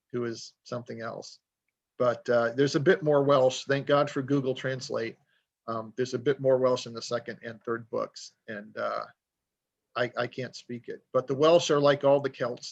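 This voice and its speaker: Casting note: gravelly man, chatty author guest, dull lo-fi audio. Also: mid-range voice. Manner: rambling, storytelling, self-deprecating. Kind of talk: casual podcast conversation.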